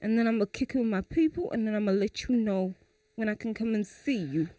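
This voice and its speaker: A woman voicing a laid-back young man fresh out of prison, who talks low and offhand. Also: fairly quick, warm tone, no echo, lightly acted.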